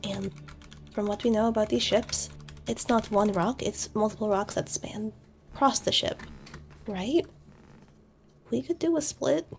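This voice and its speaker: A woman's voice: on the high side, measured pace, gravelly, long pauses, slight background noise. A woman playing in a tabletop game, thinking aloud tentatively. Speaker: player.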